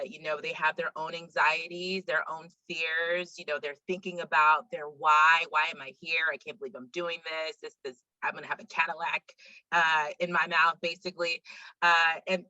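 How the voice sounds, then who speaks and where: A woman's voice: low voice, little pitch movement, normal speed, pushed and bright, dry recording, highs cut off. A woman hosting a webinar, moving between speakers in a casual way with many fillers. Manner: casual, filler-heavy transitions. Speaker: webinar host. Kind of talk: webinar moderation.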